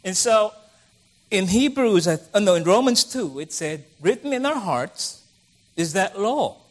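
A man's voice: high voice, expressive, measured pace. A middle-aged man preaching a conversational sermon, acting out the voices of the people he quotes.

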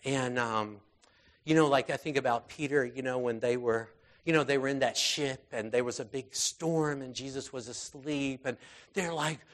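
A man preaching an informal sermon in a conversational way, full of fillers and restarts, moving between raised intensity and quiet, soft passages. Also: medium pitch, moderate pace.

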